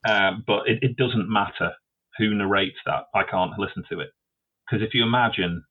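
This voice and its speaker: A man with a fairly low voice talks over a thin, tinny line that sounds like a phone call. He is a guest author in a relaxed interview, thinking aloud and tripping over repeated words as he goes. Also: normal speed. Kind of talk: casual interview conversation.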